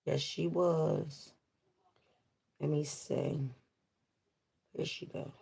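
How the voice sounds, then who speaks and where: A woman's voice: sits low, little pitch movement, extremely slow, creaky, a little mellow, husky. A woman chatting casually with viewers on a livestream, swearing freely and talking straight to them. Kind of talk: casual live stream chat.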